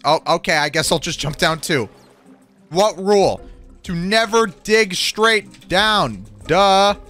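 Brief: young male gaming host, high-ish and animated, jokey reactions. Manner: excitable, jokey, quick reactions. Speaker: gaming YouTuber. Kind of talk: Minecraft gameplay commentary. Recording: faint music behind the voice.

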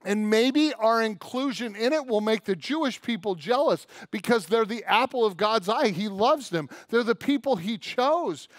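A male pastor delivers a sermon in a fairly high voice, telling a story and acting out the dialogue. His delivery is emphatic and direct. The sound is dry and close, with little room echo. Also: lively intonation, normal speed, hardly any pauses. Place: church.

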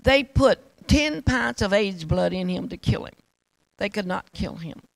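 A woman's voice: medium pitch, lively intonation, unhurried, gravelly, no echo, low-quality recording. A woman preacher telling a testimony in a rambling, fervent sermon that repeats itself.

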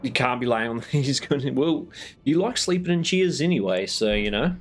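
A man's voice: medium pitch, lively intonation, moderate pace. A man with a New Zealand accent streaming a game late at night, chatting casually, teasing his viewers and swearing freely. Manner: laid-back, swears freely, teases his chat.

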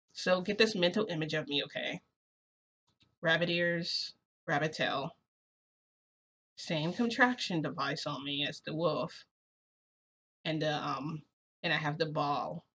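A young woman vlogger casually tells a story in a deep voice with a breathy edge. She's chatty and excitable and often says "freaking".

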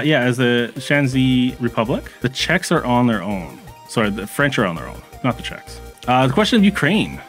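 A man casually commenting on his strategy game stream, chatting with viewers and reacting as he goes, with frequent fillers and restarts. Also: mid-range voice.

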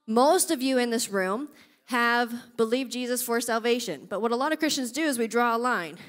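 A woman with a high, bright-edged voice delivers a church sermon. She tells stories with lively energy and keeps checking in with her listeners as she goes. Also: normal speed. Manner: animated storytelling, often checks in with "okay?". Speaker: preacher.

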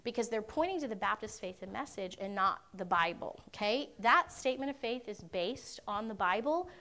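A woman answers questions at a conference session, talking earnestly and often pausing to check in with her listeners. Her voice sits in an ordinary middle pitch. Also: lively intonation, pushed and bright. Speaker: conference speaker. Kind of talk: Q&A teaching talk. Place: university conference room.

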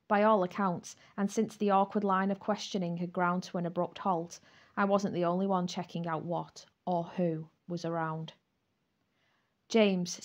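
A woman narrating a first-person romantic comedy novel aloud, with an expressive, wry storytelling manner. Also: medium pitch. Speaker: audiobook narrator.

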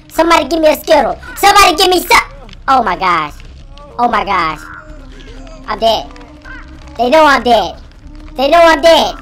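Squeaky pitch-raised chipmunk gamer boy, bright tone, swooping panicky yelps, slangy banter. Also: a little hiss or hum, heavily acted. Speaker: gaming commentator. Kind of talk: let's-play commentary.

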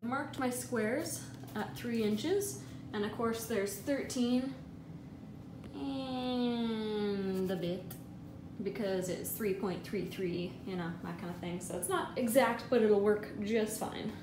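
A woman's voice: medium pitch, slow, over music. Chatty woman painter in an echoey room. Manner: chatty, jokey, thinks aloud through the math. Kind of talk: casual how-to narration. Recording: echoey room with faint ambience.

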